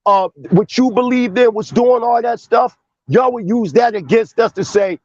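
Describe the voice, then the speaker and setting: In a heated debate, a man with a high voice pushes each point at a moderate pace, confrontational, emphatic and swearing. The tone is a little mellow, and the recording is dry and close, somewhat dull and lo-fi.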